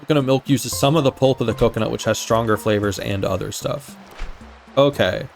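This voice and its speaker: A man's voice: medium pitch, a little fast, vocal fry, faint music behind. Easygoing man chatting while gaming. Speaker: streamer. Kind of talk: casual gaming chat.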